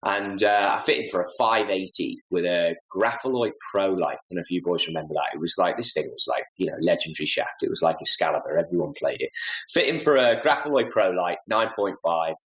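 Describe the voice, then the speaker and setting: A man in his forties with a fairly low voice spins animated, self-deprecating anecdotes. He acts out quick asides along the way. The sound is roomy and echoey. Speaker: podcast guest, golf club fitter. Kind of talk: casual storytelling interview.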